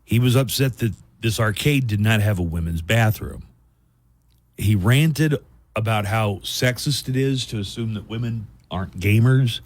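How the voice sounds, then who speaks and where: A man's voice: fairly low pitch, a little slow, no echo. A man hosting a radio show, easygoing and relaying news stories in chat. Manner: easygoing, storytelling news reader.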